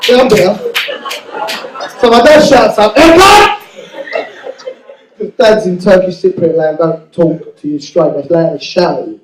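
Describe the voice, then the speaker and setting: A man's voice: fairly high pitch, moderate pace, a little mellow, reverberant, distant mic, soft background music, low-quality recording. A man doing a stand-up routine, telling a childhood story in a crude, self-mocking way. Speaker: stand-up comedian.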